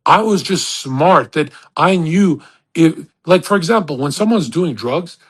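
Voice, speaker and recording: A man with a fairly high, husky voice rants in a live audio chat. He is brash and profane, and he rambles with restarts. He slips into quick, mocking impressions of other people. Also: expressive, fairly bright tone. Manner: boastful, crude and profane; rambling, with many restarts and acted-out quotes.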